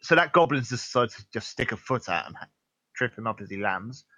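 Husky-voiced man recounting a game. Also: mid-range voice, expressive, fairly quick, sharp tone, no echo, poor audio. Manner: wry, quotes his own thoughts. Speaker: podcast co-host. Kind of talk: casual chat recapping a tabletop game.

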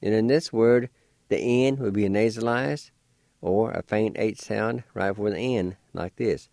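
A man with a lowish, mellow voice gives a radio language lesson at a slow, measured pace. He spells each word out syllable by syllable with patient care and encourages his listeners. The recording is dry and close. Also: creaky, no room sound. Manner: encouraging to learners. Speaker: language teacher and radio host.

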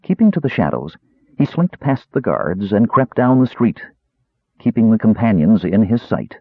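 Deep man, husky, lively audiobook narration, dry, tinny phone-like sound. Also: moderate pace, no room sound. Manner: expressive storytelling. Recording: tinny lo-fi narrow band.

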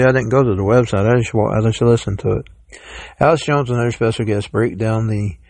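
A man hosts a solo podcast, reading news headlines and rambling between them. His voice is low and gravelly. He often stumbles and restarts words. The sound is dry and close. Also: a little mellow, no room sound. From Georgia, US South. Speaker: podcast host.

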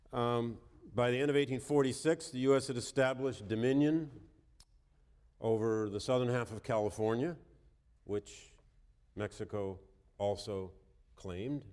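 A man's voice: mid-range voice, measured pace, long pauses, a little mellow. A man with a cold giving a history lecture in a wry, conversational manner, reading quotations aloud with emphasis. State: has a cold. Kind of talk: university lecture. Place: lecture hall. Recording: reverberant lecture hall.

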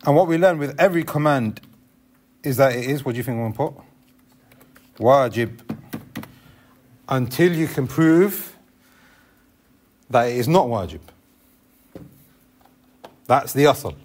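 A man's voice: mid-range voice, animated, unhurried, long pauses, darkish tone. A man teaching a classroom lesson on Islamic law, explaining step by step and asking the class questions.

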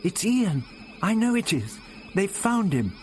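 A man's voice: a little high, expressive, normal speed, slight background noise, voice pushed up. A man voicing an anxious young girl. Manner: pleading, worried.

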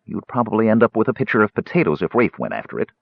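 A man voicing a kindly but sharp-tongued woman who murmurs softly. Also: on the low side, very animated, very fast, creaky, breathy edge, no echo, exaggerated voice. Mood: gentle. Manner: soft and murmuring, turning curt. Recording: slightly dull audiobook recording.

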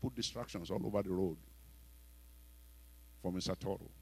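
A man with a Nigerian accent preaching a sermon, telling stories and breaking into sudden loud exhortations. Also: low voice, moderate pace, gravelly, husky, rough recording.

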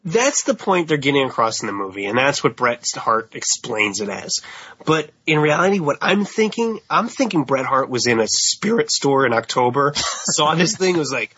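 A man co-hosting a podcast, telling stories in a lively way and slipping into put-on voices. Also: medium pitch, moderate pace, husky, dull audio. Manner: animated storytelling, mimics voices with laughs. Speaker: podcast co-host. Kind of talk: casual podcast chat.

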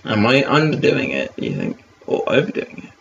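A man's voice: mid-range voice, wildly swooping pitch, moderate pace, gravelly. Rambling, swearing man on a distant mic. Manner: swearing, rambling, many fillers. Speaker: podcast co-host. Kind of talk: casual commentary chat. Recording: distant lo-fi mic with faint hiss.

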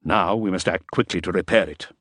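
A man voicing a nervous, sweating middle-aged fixer who gives clipped, urgent orders in a low, dry tone. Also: fairly quick, fairly bright tone, no room sound. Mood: impatient.

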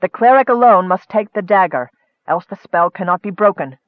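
A man voicing a sinister, soft-spoken male wizard who talks quietly and in a measured way. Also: high-pitched, expressive, no echo, narrow, tinny audio. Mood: urgent.

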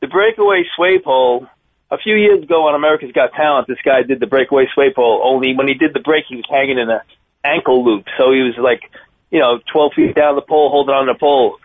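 A man's voice: medium pitch, fast, no room sound. Long Island man on a phone line. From Long Island, New York. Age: 50s. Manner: chatty, animated storyteller. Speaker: circus daredevil performer, guest. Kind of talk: phone-in interview. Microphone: telephone.

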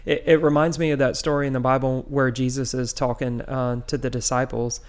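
A man's voice: medium pitch, level tone, a little fast. A man hosting a casual faith conversation, earnest and encouraging, who often restarts his sentences.

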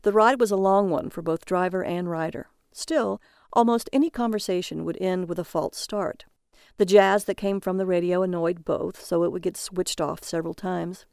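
Woman narrating a story, steady, smooth voice, dry close sound. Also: fairly low pitch, normal speed, no room sound. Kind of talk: audiobook reading.

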